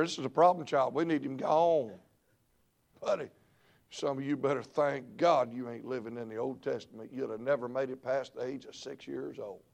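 A middle-aged preacher delivers a revival sermon from a church pulpit. His voice carries a gravelly edge and a mid-range pitch. He drops to near-murmurs, then climbs into loud, shouted peaks. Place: church sanctuary.

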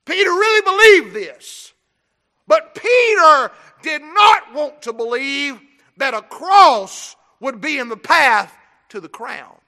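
Shouting, high-pitched preacher man. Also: expressive, takes it slowly. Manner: preaching with frequent shouting and rhetorical questions. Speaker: pastor. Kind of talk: sermon. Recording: long hall reverb.

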